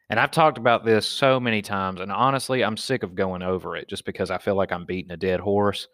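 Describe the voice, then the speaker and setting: A man's voice: fairly low pitch, fairly quick, dry recording, studio quality. A man from Alabama with a Southern accent, telling stories in a casual, profane monologue as a podcast host and stand-up comic. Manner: profane, animated storyteller.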